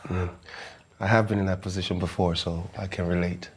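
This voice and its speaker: Man doing a reassuring visiting film actor, low voice, faint hiss. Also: fairly quick, natural voice. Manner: calm, reassuring, casual American-style slang. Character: famous male actor visiting, encouraging mentor. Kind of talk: comedy series acting.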